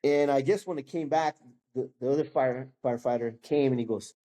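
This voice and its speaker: A man's voice: medium pitch, brisk, mellow. A man in his fifties, a guest sharing his testimony in casual storytelling, acting out the people in it and dropping "bro" and "man" as he goes.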